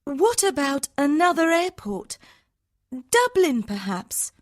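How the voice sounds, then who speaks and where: A man's voice: very high-pitched, big pitch swings, slow pace, voice pushed up, full character voice. A man reading a story aloud, voicing an anxious young woman traveller who pleads urgently.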